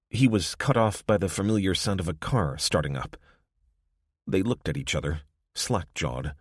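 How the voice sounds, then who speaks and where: Low-voiced male audiobook narrator. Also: animated, moderate pace, husky, no echo, studio quality. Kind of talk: scripted narration.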